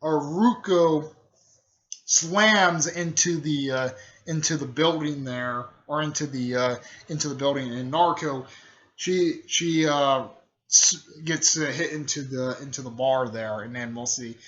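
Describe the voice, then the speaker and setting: A man's voice: fairly high pitch, steady tone, measured pace, fairly bright tone. A man rambling casually through a fan story retelling, full of fillers and restarts, in a dull lo-fi recording.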